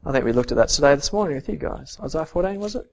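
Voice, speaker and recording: A man preaching a sermon and reading scripture, earnest, swinging from soft to emphatic. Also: on the high side, expressive, very fast, vocal fry, slight background noise.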